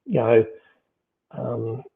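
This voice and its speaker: A man's voice: medium pitch, drawn-out words, gravelly. A middle-aged man talking through business and leadership in a rambling way, full of "you know" and restarts. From Australia. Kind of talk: casual conversation. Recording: tinny phone-like line.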